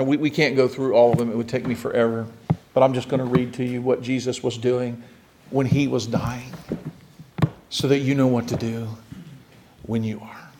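Male preacher, sermon delivery, swings from loud rising emphasis to hushed near-whispers, mid-pitched voice. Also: little pitch movement, normal speed, noisy background.

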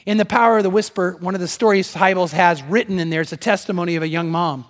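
Animated male pastor preaching in a hall. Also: high voice, quick pace. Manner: animated, swings between loud emphasis and hushed storytelling. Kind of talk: sermon. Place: church sanctuary.

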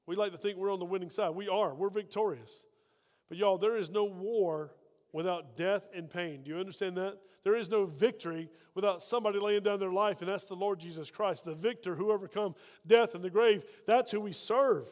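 A man's voice: high-pitched, brisk, in a large hall. A man preaching a sermon as pastor, fervent and full of rhetorical questions to the congregation.

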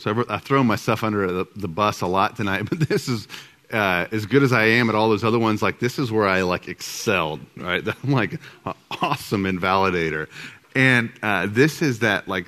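Man, middle-aged, low voice, casual group talk, self-deprecating, lots of "uh" and restarts. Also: a bit bright. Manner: self-deprecating, rambling, full of fillers and restarts. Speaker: marriage teacher; husband co-presenting with his wife.

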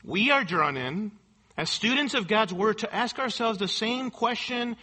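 Male pastor, high-pitched and forceful, emphatic sermon, rhetorical questions. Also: expressive, unhurried.

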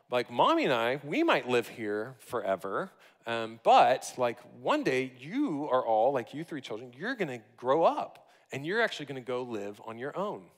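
A man in his thirties preaching a sermon, telling a family story in an animated, laughing storytelling manner. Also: mid-range voice. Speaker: pastor. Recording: long hall reverb.

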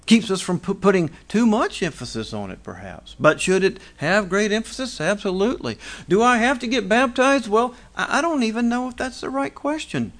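A man's voice: high-pitched, big pitch swings, moderate pace, few pauses. A middle-aged pastor preaching a conversational sermon, asking rhetorical questions and restarting phrases as he goes.

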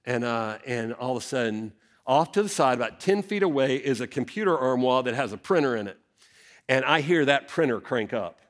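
A middle-aged man, a senior pastor preaching a sermon and telling a family story with dramatic swings in his voice. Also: brisk. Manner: animated, dramatic storyteller with big swings in pitch.

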